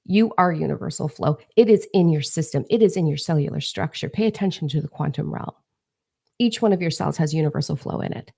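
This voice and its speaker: Low, gravelly woman, brash and profane, livestreaming by phone as a psychic coach. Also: fairly quick, warm tone. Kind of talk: livestream talk to viewers.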